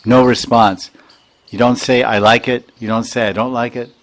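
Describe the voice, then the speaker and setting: A man's voice: medium pitch, flat delivery, moderate pace. A man giving a scripture lecture, reciting Sanskrit verses and explaining them line by line, with an occasional chuckle. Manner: chuckles while teaching. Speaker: spiritual teacher.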